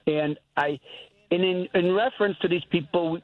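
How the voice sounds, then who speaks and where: A man's voice: high-pitched, normal speed, no room sound. Older man calling in on a tinny phone. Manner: rambling, earnest, repeats himself. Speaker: caller. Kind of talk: casual call-in chat.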